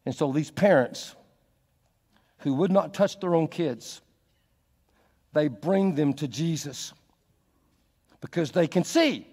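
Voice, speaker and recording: A man's voice: on the high side, takes it slowly, long pauses, husky. Man preaching in a long reverberant hall. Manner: dynamic preaching, swinging from soft to loud and emphatic. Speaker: pastor. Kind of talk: sermon.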